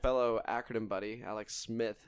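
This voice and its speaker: A man's voice: on the low side, fairly even intonation, a little fast, clean tone, no room sound. A man co-hosting a podcast, chatting casually about football, teasing and laughing easily. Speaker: podcast co-host. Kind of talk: casual chat, sports talk.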